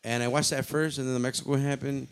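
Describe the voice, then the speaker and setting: A man's voice: medium pitch, fast talker, clear, resonant tone. Profane bilingual man ranting casually. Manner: profane, excitable, mixes English and Spanish slang. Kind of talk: casual chat.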